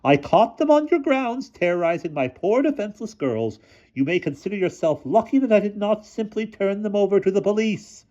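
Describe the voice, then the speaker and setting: A man reading aloud, voicing a shrill, indignant old headmistress with a high, imperious voice. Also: lively intonation, brisk, dark tone, dull audio. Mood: accusing.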